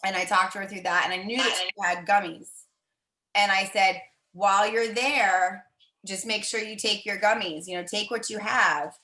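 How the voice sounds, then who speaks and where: A woman chatting on a video call, telling a story in a lively way and acting out the voices she quotes. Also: mid-range voice, moderate pace, echoey room, rough recording. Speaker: team member sharing a story.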